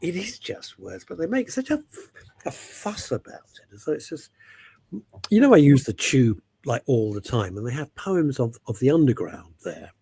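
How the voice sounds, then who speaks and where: A man's voice: medium pitch, very animated, moderate pace, vocal fry, dark tone, husky. A man from England hosting a radio show, chatting in a jokey, rambling, self-mocking way.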